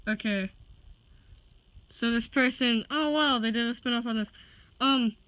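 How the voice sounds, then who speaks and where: A woman's voice: on the high side, measured pace, a bit bright, no room sound, highs cut off. A young woman vlogging casually, giddy and rambling, often breaking into laughter. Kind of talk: excited casual vlog.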